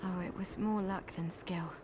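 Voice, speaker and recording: A woman's voice: lowish voice, fairly even intonation, normal speed, background noise, lightly acted. An actress voicing a composed young female heroine in a game, answering briefly and evenly. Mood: calm. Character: calm young female demon-hunting heroine.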